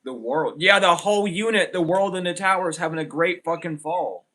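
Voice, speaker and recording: A man's voice: on the high side, fairly quick, bright, forceful tone. A young man giving a casual tarot reading, rambling and blunt with plenty of swearing. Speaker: tarot reader.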